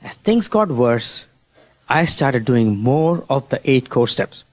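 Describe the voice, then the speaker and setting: A man's voice: medium pitch, very animated, takes it slowly. A man giving a motivational seminar talk, telling stories and often asking the audience questions. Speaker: motivational speaker at a business seminar.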